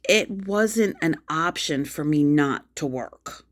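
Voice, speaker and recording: Upset middle-aged woman ranting into her phone, low voice, slow and heavy. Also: animated. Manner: upset, angry, repetitive outbursts. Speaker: mother venting on a livestream. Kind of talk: emotional venting vlog.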